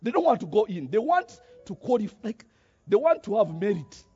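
A man preaching a sermon, animated, with many rhetorical questions and a habit of tagging "eh?". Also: high-pitched, fairly quick, slightly rough, lo-fi sound, soft background music.

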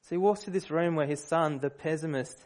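A man preaching a sermon, telling a story in a relaxed, conversational way with fillers and restarts. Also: a little high, fairly quick.

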